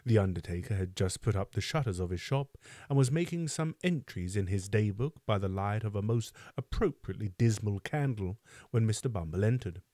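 A man reading a classic novel aloud, with a low, dark, mellow voice. He keeps a steady narrating pace and stops now and then to comment on a phrase. The recording is dry and close. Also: fairly quick, no room sound. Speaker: book club reader.

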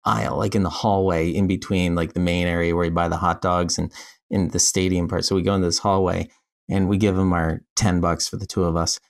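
A man as a podcast guest, telling a story in a casual, animated way, acting out dialogue with lots of "like" fillers. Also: deep voice, a little fast, vocal fry. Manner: animated, acts out quoted dialogue, frequent "like" fillers.

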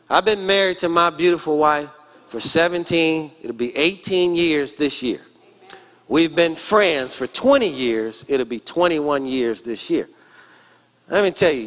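A man's voice: fairly high pitch, a bit bright. A pastor in his forties preaching a sermon in church, emphatic and calling out to the congregation. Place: church sanctuary.

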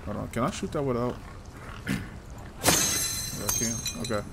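A man's voice: mid-range voice, lively intonation, unhurried, heavy background noise. A man giving loose, casual commentary while playing a game, talking to himself and teasing the hero, with frequent swearing. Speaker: gameplay streamer.

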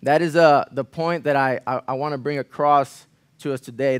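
A man preaching a sermon in a church, earnest, repeating phrases for emphasis, rising loud on key lines and falling quiet after. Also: steady tone, moderate pace, clear, resonant tone, no room sound. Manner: earnest, swells louder on key lines then drops low. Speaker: pastor.

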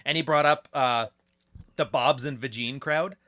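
An American man with a bright, forceful voice talks in a loose, blunt podcast conversation. He slips into mocking quoted voices to make fun of people and keeps a sarcastic edge. His pitch sits in the middle range. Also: measured pace. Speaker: podcast host. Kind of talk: casual conversation.

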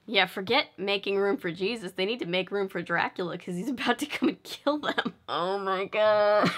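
A woman's voice: mid-range voice, normal speed, a bit bright, soft background music. A young woman vlogger giving casual, sarcastic film commentary, joking and laughing often.

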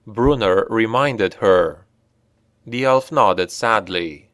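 A male narrator reading a grim fantasy tale with slow, measured pacing. His voice sits fairly low. The recording is dry and close. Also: dry recording. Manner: steady, measured storytelling. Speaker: audiobook narrator.

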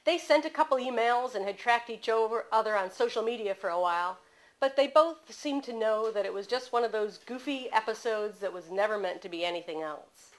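A woman's voice: a little high, a little fast, rough recording. Woman author reading her novel aloud. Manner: steady storytelling narration. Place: bookstore.

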